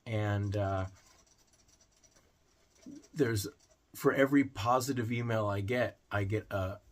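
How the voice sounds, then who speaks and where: A man's voice: lowish voice, steady tone, slow. A man hosting a pet video channel, talking to camera in an earnest, heartfelt way with small restarts. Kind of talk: casual vlog talk to camera.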